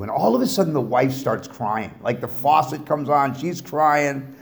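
Speaking at moderate pace with a creaky, medium-pitched voice, this middle-aged man is the guest speaker at a recovery meeting. Before a live audience in the meeting room, he gives his personal testimony through lively, funny storytelling and banter with listeners.

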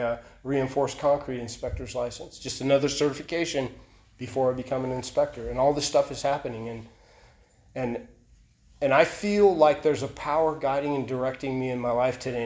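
A man shares a heartfelt personal testimony at a recovery meeting, frequently repeating himself and starting phrases over. His voice is medium-pitched with a darkish tone, recorded in an echoey meeting room.

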